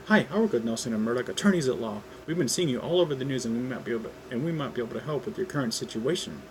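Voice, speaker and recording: A man's voice: medium pitch, expressive, rapid-fire, noisy background, natural voice. A man reading a fan script aloud and voicing a friendly, upbeat male lawyer.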